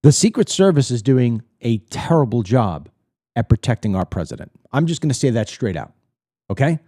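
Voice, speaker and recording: A middle-aged American man hosts his own political commentary show and talks straight to the camera. His delivery is blunt and indignant, with emphatic stresses and repeated words when he gets heated. His voice has a dark, mellow tone, recorded dry and close with almost no room sound. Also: medium pitch, big pitch swings, normal speed, dry recording. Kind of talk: opinionated monologue to camera.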